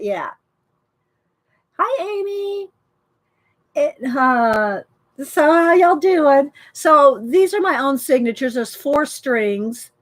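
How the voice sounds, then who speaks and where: A woman with a slightly raised voice hosts a casual live art session from her home craft desk. She rambles along enthusiastically, chatting with her viewers as she shows her supplies. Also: a little high. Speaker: art journaling host.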